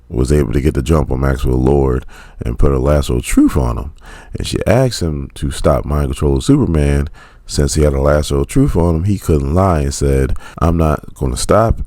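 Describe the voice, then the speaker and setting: Give me a deep, dark-toned man telling a comic story with energy. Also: dry recording. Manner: animated storytelling, acting out characters. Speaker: comic book reviewer. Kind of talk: casual comic recap.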